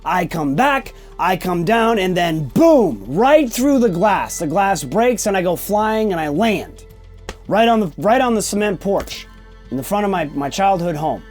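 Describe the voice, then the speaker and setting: A man's voice: high-pitched, big pitch swings, a little slow, faint music behind. A man in his forties hosting a podcast, telling a candid personal story in a blunt, emphatic way, often checking in with "okay?" and swearing casually. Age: 40s. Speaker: podcast host.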